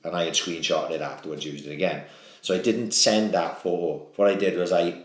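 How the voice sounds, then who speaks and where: Low-voiced man rambling in an echoey room. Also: steady tone, fairly quick. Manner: rambling, swearing, frequent restarts. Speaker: podcast host. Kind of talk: casual chat.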